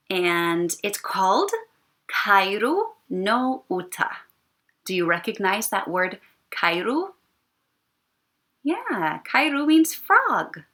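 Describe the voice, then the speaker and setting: Animated, sing-song woman teaching children. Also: medium pitch. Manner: animated, sing-song, playful sound effects. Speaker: elementary music teacher. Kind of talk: recorded lesson for young children.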